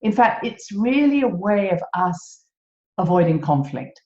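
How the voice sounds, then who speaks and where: A British woman hosting a reflective solo podcast, gentle and self-mocking, laughing often at herself. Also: mid-range voice, sing-song, unhurried. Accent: British English. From Britain. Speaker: podcast host. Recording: echoey room, dull lo-fi sound.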